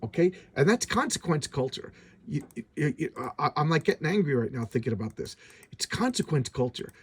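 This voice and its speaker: A man with a hoarse voice reviewing comic books in casual, rambling commentary, stumbling over restarts. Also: fairly high pitch, sing-song, fairly quick.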